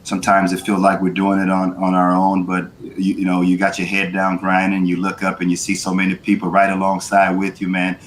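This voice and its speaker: Deep-voiced, easygoing male guest. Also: completely flat delivery, a little fast, few pauses, a little hiss or hum. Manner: easygoing, full of fillers. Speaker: business owner guest. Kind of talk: casual interview chat.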